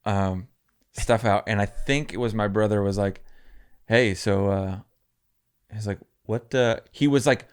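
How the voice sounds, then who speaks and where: A man's voice: on the low side, unhurried, pauses often, smooth. A young man co-hosting a podcast, telling a story in casual chat, laughing often and acting out what people said. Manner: laughing storyteller, acts out quotes. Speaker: podcast co-host.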